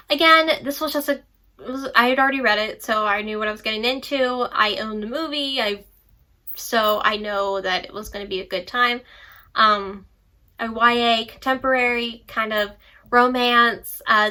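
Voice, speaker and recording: A woman's voice: a little high, pushed and bright. A young woman chatting casually about books she read, rambling with playful asides. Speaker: book vlogger. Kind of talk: casual book review chat.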